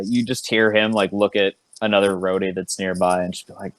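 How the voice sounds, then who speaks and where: Laid-back low-voiced game master. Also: male voice, a little fast, few pauses, dry recording. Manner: laid-back, laughing often. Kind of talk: narrating a tabletop game. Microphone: online voice chat.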